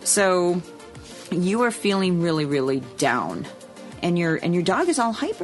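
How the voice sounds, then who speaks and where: Low-pitched woman co-host, earnest and frank, faint music underneath. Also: sing-song, unhurried. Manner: earnest and explanatory, with frank asides. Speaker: podcast co-host. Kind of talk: casual chat.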